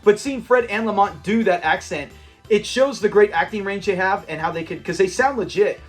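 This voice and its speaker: Man, high-pitched voice, casual fan commentary, rambling and enthusiastic, faint background music. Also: normal speed. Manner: enthusiastic and rambling, with frequent restarts and quoted lines. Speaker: channel host.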